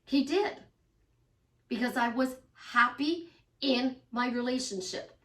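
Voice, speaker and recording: A woman life coach speaks casually to her followers in a high, bright-ish voice, taking her time. She's emphatic and repeats phrases, sometimes acting out the voices in people's heads, in a relaxed monologue to camera. The recording sounds roomy and echoey, with her voice coming from a distance.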